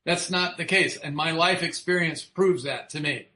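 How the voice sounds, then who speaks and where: A man's voice: fairly high pitch, moderate pace, pushed and bright, echoey room. A man speaking frankly about recovery, swearing freely and asking his listeners rhetorical questions. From United States. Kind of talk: recovery talk.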